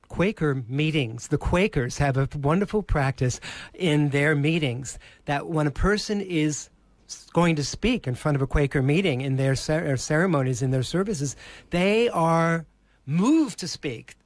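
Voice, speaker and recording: A man with an Australian accent, a presentation coach on a podcast, speaking slowly with theatrical emphasis. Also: a little high, no echo. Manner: slow, theatrical, emphatic delivery. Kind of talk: podcast interview.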